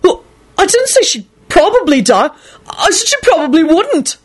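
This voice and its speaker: A woman's voice: on the high side, big pitch swings, normal speed, a little mellow, voice pushed up. A woman voicing a nervous, earnest young man who blurts things out hastily, in an audiobook. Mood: flustered. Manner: hasty, blurting.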